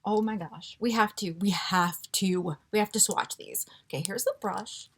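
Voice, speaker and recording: A woman vlogger chatting casually through a beauty box unboxing, gushing and excitable with frequent gasps. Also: mid-range voice, normal speed, husky. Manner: gushing and excitable, gasping often.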